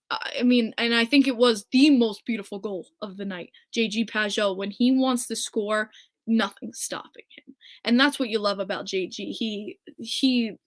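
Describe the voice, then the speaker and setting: Woman, young adult, high voice, podcast host, excitable fan chatter, exclamatory. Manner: animated, exclamatory, fan cheering. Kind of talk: excited solo hockey podcast recap.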